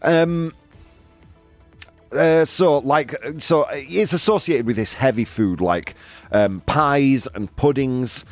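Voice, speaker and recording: A man's voice: mid-range voice, slow, soft background music. A man hosting a show, reading out points in a playful, joking way. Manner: playful, jokey, frequent laughs and asides. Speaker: show host. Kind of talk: casual show talk, reading a list aloud. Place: home studio.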